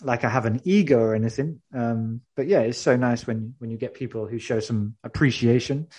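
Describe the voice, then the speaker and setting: A man hosting a casual interview, talking in a relaxed way and often pausing with um and yeah. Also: medium pitch. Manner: relaxed, many fillers like um and yeah. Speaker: host.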